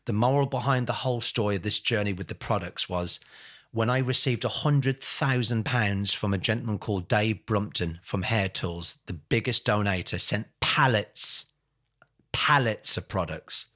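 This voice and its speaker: A lowish, somewhat bright voice at a moderate pace belongs to a man guesting on a podcast. Fired up as he tells his story, he swears bluntly, hits angry emphasis, repeats himself in lists and keeps addressing the host as mate.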